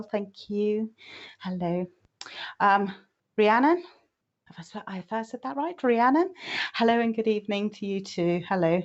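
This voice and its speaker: A woman hosting a live stream, reading out viewers' names and chatting easily between greetings. Her voice sits in a middle register, and the audio is muffled and lo-fi. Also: mid-range voice. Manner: chatty, warm greetings, frequent "oh, bless". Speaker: psychic artist reading for viewers.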